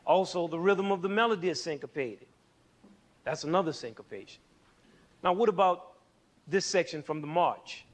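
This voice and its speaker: Host, male: playful music teacher with a slightly high voice who counts beats aloud. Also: expressive, normal speed, pauses often. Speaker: music educator and show host. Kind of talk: scripted music lesson.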